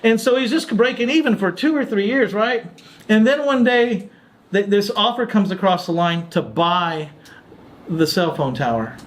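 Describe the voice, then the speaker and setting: A man's voice: high-pitched, normal speed. A man hosting a podcast, telling a story in a casual chat and acting out the lines of other people. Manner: animated storyteller, quotes others' dialogue. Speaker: podcast host.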